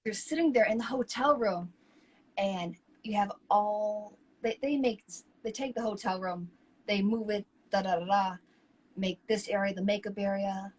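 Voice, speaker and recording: A woman co-hosting a talk show, telling stories in a lively, chatty way. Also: mid-range voice, normal speed, slightly rough, low-quality recording. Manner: animated, chatty, acts out quoted people. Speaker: co-host. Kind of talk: casual chat, personal storytelling.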